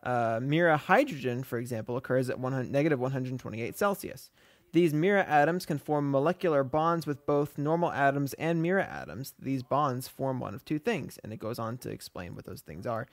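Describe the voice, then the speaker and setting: A man's voice: medium pitch, expressive, fairly quick, no room sound. A man co-hosting a podcast, talking casually in a rambling way with lots of fillers and restarts. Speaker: podcast co-host.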